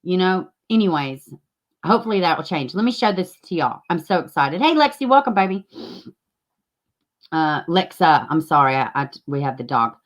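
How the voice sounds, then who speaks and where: A woman's voice: fairly low pitch, sing-song, normal speed. Chatty woman hosting a live stream. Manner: chatty, greets viewers by name, swears freely. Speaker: livestream host. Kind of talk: casual live-stream chat.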